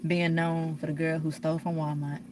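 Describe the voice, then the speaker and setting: Profane, preachy woman vlogger with a low voice. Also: flat delivery, fairly quick, noisy background. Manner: blunt, profane, preachy, rambling with restarts. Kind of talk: candid confessional monologue.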